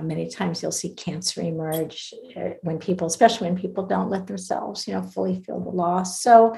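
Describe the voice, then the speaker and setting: A woman's voice: mid-range voice, creaky, mellow, poor audio. A middle-aged woman talking reflectively in a casual interview, laughing often as she shares personal stories. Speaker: guest, near-death researcher.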